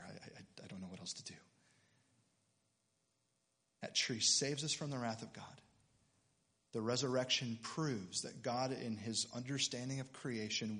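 Middle-aged man preaching a passionate sermon. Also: mid-range voice. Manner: passionate, builds to loud emphatic peaks; reads scripture aloud with dramatic voices. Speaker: pastor.

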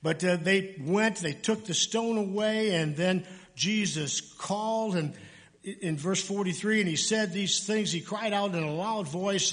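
High-voiced male pastor preaching animatedly. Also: unhurried. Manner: animated, acts out voices in quotes, conversational asides. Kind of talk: sermon.

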